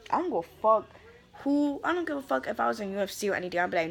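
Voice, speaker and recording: A woman's voice: on the high side, animated, fast talker, vocal fry. Fired-up young woman ranting with sass. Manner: profane, fired-up, sassy, calls people honey. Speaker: vlogger ranting about wrestling. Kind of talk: heated casual rant.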